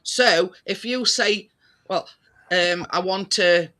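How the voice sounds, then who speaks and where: A British man chatting casually, his voice high and very bright. He talks slowly and rambles, restarting sentences and dropping fillers as he goes. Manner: rambling, many restarts and fillers, laughs easily. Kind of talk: casual chat.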